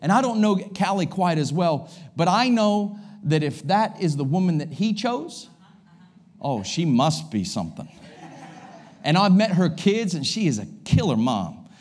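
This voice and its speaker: High-voiced, lively American preacher man. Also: unhurried. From United States. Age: 40s. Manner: energetic and joking, with exclamations. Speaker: guest pastor. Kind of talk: sermon. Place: church service.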